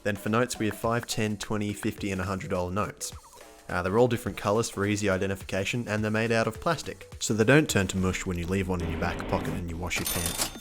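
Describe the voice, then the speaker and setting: Wry, swearing Australian bloke, lowish voice. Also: male voice, fairly even intonation, quick pace, music in the background. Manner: wry, swears freely, blunt jokes. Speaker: vlogger. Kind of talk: casual scripted explainer.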